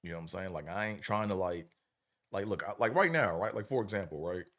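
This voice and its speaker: A middle-aged man with a very low voice talks loosely on his livestream. His delivery is relaxed and slangy, and he rambles from point to point. He keeps turning to the audience to check they're following. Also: fast talker. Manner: laid-back, rambling, slangy, checks in with the listener often. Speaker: livestream host. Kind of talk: casual livestream chat.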